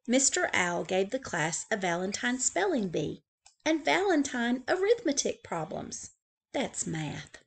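A woman librarian reading a picture book aloud to young children, expressive, with playful asides to the kids. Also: medium pitch, vocal fry. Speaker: school librarian.

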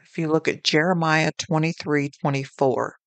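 A woman's voice: low-pitched, fairly even intonation, moderate pace, dry recording. A woman hosting a devotional podcast, talking in an earnest, conversational way and weaving in homely anecdotes. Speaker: podcast host.

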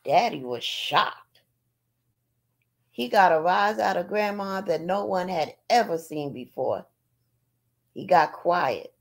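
A woman reading a novel aloud in an unhurried storytelling manner, with small asides. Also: fairly low pitch, animated, gravelly. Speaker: audiobook reader.

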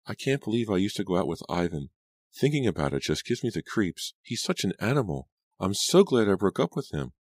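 A man voicing an excitable, gossipy teenage girl on the phone in an audiobook, talking rapidly and breathlessly. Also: deep voice, no room sound, studio quality, pitched above the performer's own voice, exaggerated voice. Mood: excited. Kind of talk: audiobook character voice.

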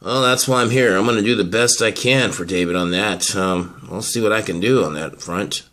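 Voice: low voice, moderate pace, fairly bright tone. A performer voicing a friendly grown man who works as a therapist, easygoing and chummy, in amateur soap-opera acting.

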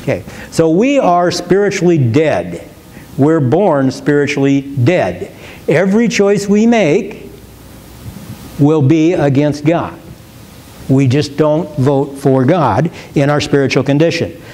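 A man teaching as a pastor in a church, earnest and emphatic, slowing down to stress key words and often restarting his phrases. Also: on the high side, expressive, mellow. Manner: repeats and restarts words while thinking. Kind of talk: question-and-answer teaching.

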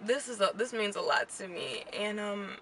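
A woman's voice: medium pitch, normal speed, pushed and bright, slight background noise. Emotional woman vlogging from a car. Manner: chatty and emotional, near tears, says "y'all" often. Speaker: beauty vlogger. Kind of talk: casual vlog to camera. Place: car parked at a gas station.

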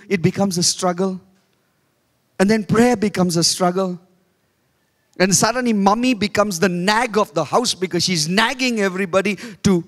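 A man preaching a sermon as pastor, moving between soft low asides and raised emphatic lines. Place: church hall. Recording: echoey church hall.

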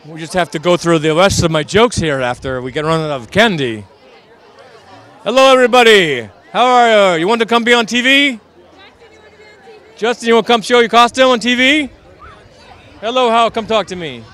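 A man's voice: high voice, expressive, moderate pace, pauses often, fairly bright tone, some chatter behind. A man interviewing costumed children at an outdoor Halloween parade, cheerful and coaxing, joking as a mock vampire count. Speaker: community TV street interviewer.

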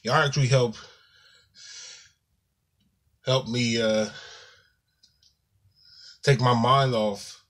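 A man speaks to his viewers at a slow, unhurried pace, in a mid-range voice. His casual talk is halting and apologetic, and he calls his audience "y'all". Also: mid-range voice, fairly even intonation, a bit bright. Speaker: YouTuber.

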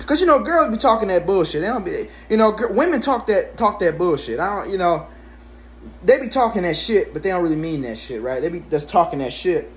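Profane, high-pitched young man ranting. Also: fairly quick. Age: 20s. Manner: profane, animated storytelling with sudden high-pitched exclamations. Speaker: vlogger. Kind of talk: casual storytime rant. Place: at home.

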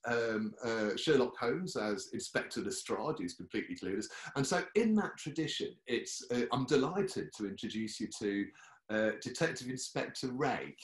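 Rambling British man with lively pitch. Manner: relaxed, rambling, frequent ums. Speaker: solo performer and comic. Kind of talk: casual talkback explaining a show. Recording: echoey room.

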